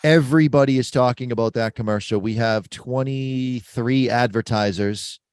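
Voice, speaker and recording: A man's voice: mid-range voice, moderate pace, a little mellow, clear, resonant tone, no room sound, clean studio sound. A man hosting a casual podcast chat, explaining things in a confident, practical way. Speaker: podcast host. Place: mobile studio.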